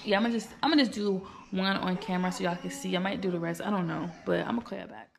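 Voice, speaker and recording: Young woman, 20s, casual vlogger, chatty and repetitive, light vocal fry. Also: lowish voice, quick pace, very noisy. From United States. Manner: chatty, repeats herself, talks straight to viewers. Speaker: vlogger running a small business. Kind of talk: casual chat to camera.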